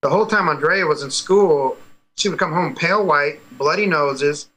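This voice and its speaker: A man with a bright, sharp voice that sits a little high, telling a story with energy. He acts out the other people in it as he goes, in a loose interview style. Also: normal speed, low-quality recording. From United States. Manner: animated storytelling, acts out quoted dialogue. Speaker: guest, parent. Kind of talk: casual interview over a call.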